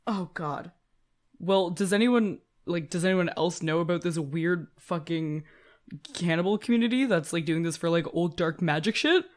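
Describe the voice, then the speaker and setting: A woman playing a tabletop game, animated and swearing freely in casual chat. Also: on the low side, normal speed. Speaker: player.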